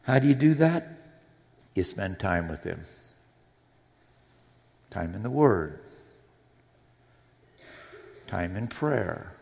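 In a church sanctuary, a man preaches an earnest, personal sermon with scripture readings, captured with long hall reverb. His voice is fairly low, creaky, and a little mellow, very animated yet slow, with frequent pauses.

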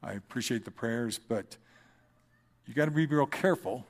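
Man, mid-pitched, sharing a heartfelt testimony to a congregation; plainspoken, earnest, drops in a dry joke now and then. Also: normal speed, background noise. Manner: earnest and conversational with dry humor. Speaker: businessman giving church testimony. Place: church, speaking from the front.

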